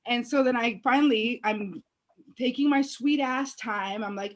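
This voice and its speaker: Woman, higher voice, casual storytelling, foul-mouthed, excitable. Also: measured pace. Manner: profane, excitable, shouts in quoted outbursts.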